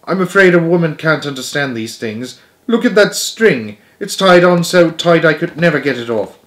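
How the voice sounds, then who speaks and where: A man's voice: mid-range voice, very animated, normal speed, reverberant, lightly acted. A man voicing a small, fussy, proper male mouse who gets easily upset and bursts out indignantly. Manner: anguished, indignant outbursts.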